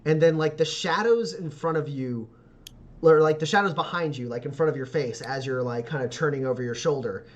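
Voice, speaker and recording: A man's voice: a little high, fairly quick, dull audio. A man narrating a tabletop role-playing game as game master, rambling with lots of "like" and "uh" and laughing often.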